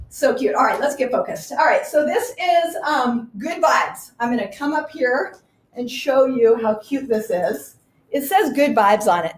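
Gushing high-voiced woman showing clothes. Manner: gushing, enthusiastic, chatty. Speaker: boutique owner presenting clothes. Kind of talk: live online clothing showcase. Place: small home boutique in a garage. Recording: echoey room.

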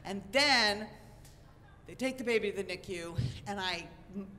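A woman telling a personal story to a live audience, animated, wry and self-mocking. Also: medium pitch, moderate pace. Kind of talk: live comic storytelling on stage. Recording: reverberant hall, faint noise.

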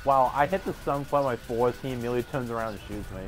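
A man streaming gameplay, swearing and yelling in frustration at enemies. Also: medium pitch, fast talker. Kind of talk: live gameplay commentary. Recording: game music behind voice. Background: game music.

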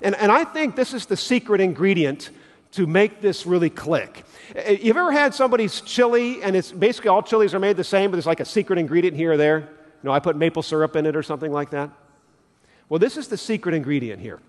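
A man's voice: high voice, expressive, quick pace. A man preaching a sermon as pastor, telling everyday stories and acting out little scenes as he makes his point. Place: church sanctuary. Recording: long church reverb.

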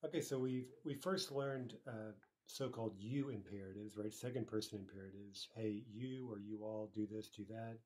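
A man with a low, mellow voice and a slightly husky edge leads a grammar lesson. He explains each rule patiently and reads every example aloud more than once. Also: moderate pace, hardly any pauses. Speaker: language teacher.

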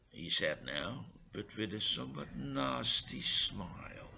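A man reads a humorous short story slowly and with a lively, rising and falling delivery. His voice is bright but gravelly and a little husky, and his dry comic asides land at an unhurried pace. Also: lowish voice, rough recording. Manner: measured, dryly comic reading with indignant asides. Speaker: storyteller and English teacher.

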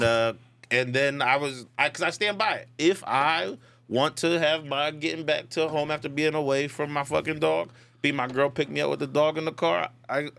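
A man on a podcast mic, pushing back defensively and insisting on his side of the story. His voice sits a touch higher than usual, and the talk is casual and full of restarts. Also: gravelly, fairly bright tone. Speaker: podcast co-host. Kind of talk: argumentative casual chat.

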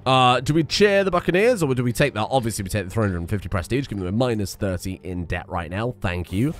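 A young man commenting on a strategy game he is playing, reading the game's text aloud with excitable, wry asides. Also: lowish voice, fast. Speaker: gaming video host. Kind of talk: let's play commentary.

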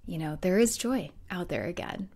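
A woman's voice: on the low side, lively intonation, normal speed, slightly rough. Chatty woman hosting a grief podcast. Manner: warm conversational, laughs lightly, many fillers. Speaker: podcast host and grief coach. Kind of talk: solo podcast talk.

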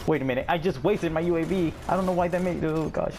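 A young man giving excitable commentary over his own gameplay, yelping, groaning and swearing at the game. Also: on the high side, fast talker, few pauses, soft background music. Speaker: gaming channel host.

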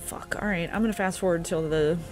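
A woman's voice: lowish voice, fast talker, darkish tone, soft background music. A woman playing a video game and commenting bluntly, with sarcasm and frequent swearing. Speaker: gaming video creator. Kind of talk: let's play commentary.

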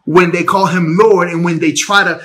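Male preacher, high and bright, casual livestream Bible teaching on a phone at home, animated, restarts words. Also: moderate pace. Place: home bedroom.

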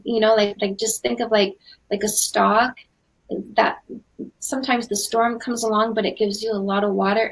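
A Canadian woman in her forties, a dating coach hosting a live webinar in an energetic, chatty way with lots of fillers. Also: mid-range voice, poor audio. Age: 40s.

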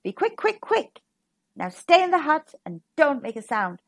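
Figure: anxious mother hen, put on by a woman. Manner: bossy, clucking orders. Pitch: high, lively. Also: moderate pace, vocal fry, no echo, clean studio sound, full character voice.

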